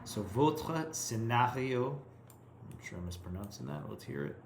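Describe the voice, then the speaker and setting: Slow, halting man reading aloud. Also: mid-range voice, expressive, creaky, reverberant, background noise. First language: English. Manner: slow, halting, thinks aloud and translates line by line. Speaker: French learner reading aloud. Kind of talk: self-recorded reading practice.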